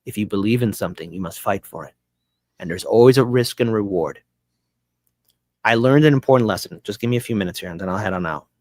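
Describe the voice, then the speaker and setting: A man, a guest on a talk show, telling an emotional personal story in an earnest, halting way with many restarts. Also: lowish voice, darkish tone, no room sound, studio quality.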